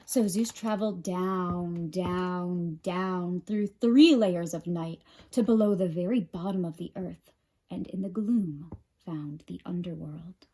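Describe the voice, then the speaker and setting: A woman librarian reading a picture book aloud with expressive, dramatic narration. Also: on the low side, takes it slowly. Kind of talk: storybook read-aloud.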